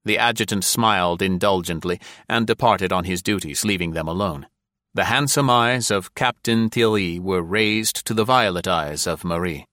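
A man narrating an audiobook in a measured, formal storytelling manner. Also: deep voice, bright, forceful tone, no room sound, clean studio sound.

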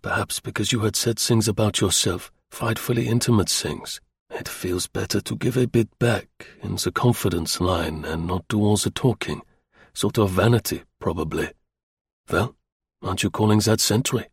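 Cool British spy, low gravelly voice, earnest, played by the narrator. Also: male voice, normal speed, dry recording, studio quality. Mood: taunting.

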